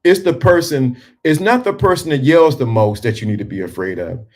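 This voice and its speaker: A man giving a motivational talk to men, speaking emphatically and dropping to a hushed, calm tone for effect. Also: medium pitch, brisk.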